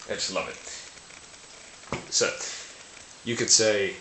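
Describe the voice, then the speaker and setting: A man with a fairly low, steady voice explains language ideas to camera slowly, with long pauses, in a bright, forceful tone. As a language video host he stays casual and playful, correcting himself and laughing at slips. Picked up by a camera mic, the sound is roomy with a faint hiss.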